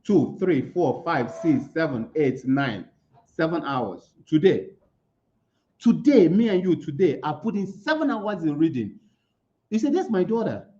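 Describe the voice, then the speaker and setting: This man gives a motivational talk at an online conference in a fairly high, sing-song, warm voice at a measured pace. He poses rhetorical questions, then answers them, and repeats key words for emphasis. The lo-fi audio is slightly muffled.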